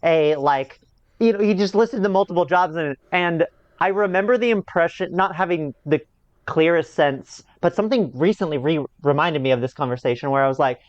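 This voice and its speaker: A man with a smooth, fairly high voice trades wry, deadpan jokes on a casual podcast. He is recorded close and dry, and the sound is a little dull. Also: fairly quick, no echo. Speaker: podcast co-host. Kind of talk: casual recap chat.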